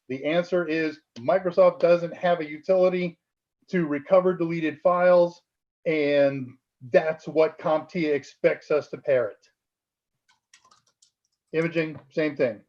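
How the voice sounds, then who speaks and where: Guy with a higher voice explaining tech exam stuff on a live stream, chatty, laughs a lot, dull lo-fi audio.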